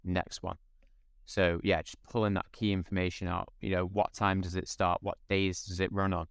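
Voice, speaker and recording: A man's voice: sits low, flat delivery, a little fast, gravelly, smooth, no room sound, clean studio sound. A man speaking as a podcast guest, explaining steadily in casual conversation.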